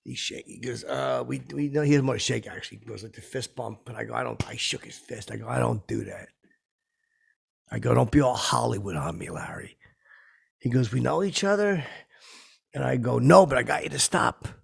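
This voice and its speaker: A man playing a gravelly, rambling has-been comic. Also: mid-range voice, brisk, heavily acted. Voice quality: very gravelly, raspy. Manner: rambling, rough-spoken, tactless, lurching between bravado and sentiment. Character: rambling boastful washed-up male comedian. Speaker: podcast host. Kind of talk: comic character monologue.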